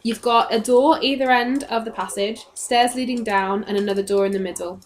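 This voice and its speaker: A woman running a tabletop game as dungeon master, setting scenes in an unhurried, descriptive way. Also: on the high side, noisy background.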